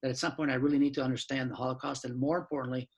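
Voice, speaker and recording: A man in his sixties, a law professor and author, giving a frank, blunt talk with mild swearing and quick asides, from his apartment over a video call. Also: mid-range voice, little pitch movement, slightly rough. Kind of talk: candid lecture-style talk.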